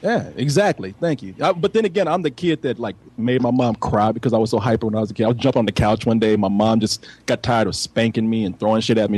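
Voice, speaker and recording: A man's voice: mid-range voice, fast, hardly any pauses, darkish tone, slightly rough. A man co-hosting a podcast, rambling and profane, laughing often as he tells stories. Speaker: podcast co-host. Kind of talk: crude casual banter.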